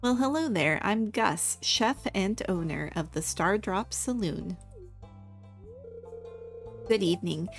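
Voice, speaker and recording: A woman's voice: mid-range voice, animated, slow, pauses often, faint music behind. A woman reading aloud the welcoming lines of a friendly male saloon owner and chef.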